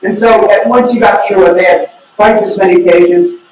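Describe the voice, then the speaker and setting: A man's voice: sits high, steady tone, normal speed. A man giving an academic conference talk, opinionated and wry, with joking asides. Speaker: researcher presenting. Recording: echoey room, mic from far off.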